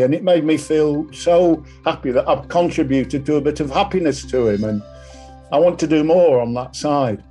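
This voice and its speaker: A man's voice: on the high side, normal speed, mellow, faint music behind. An older man, earnestly telling a personal story in an interview. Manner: earnest, anecdotal. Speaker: club ambassador.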